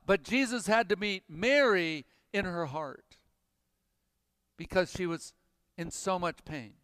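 A man preaching a sermon, emphatic and dropping to hushed intensity, in a church. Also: high voice, slow, clean tone, dry recording, clean studio sound, in a large hall. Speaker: pastor.

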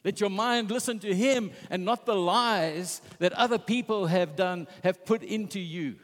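Impassioned preacher, high voice, echoing hall. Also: male voice, measured pace, fairly bright tone. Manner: impassioned, retelling scripture with quoted voices. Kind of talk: sermon.

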